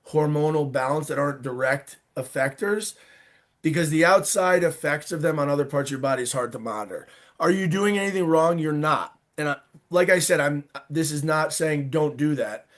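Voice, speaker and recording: A man with a somewhat high voice answers interview questions as a visiting doctor. He speaks informally and plainly, pressing his key points with firm emphasis. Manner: emphatic, informal, direct advice. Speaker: doctor and guest expert.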